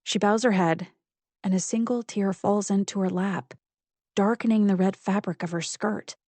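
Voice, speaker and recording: A woman's voice: mid-range voice, steady tone, normal speed, a little mellow, dry recording. A woman narrating a first-person psychological thriller audiobook with intense, building fury.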